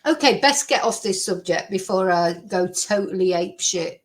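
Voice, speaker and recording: A woman's voice: medium pitch, lively intonation, normal speed, poor audio. A woman giving casual true crime commentary to camera, exasperated and ranting, with swearing.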